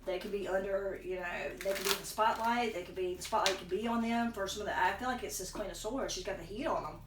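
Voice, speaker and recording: A woman's voice: mid-range voice, fast, background noise. Woman doing a tarot reading, chewing gum, kinda far from the mic in an echoey room. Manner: rambling, self-correcting, thinking aloud. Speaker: tarot reader. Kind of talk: casual tarot reading to camera.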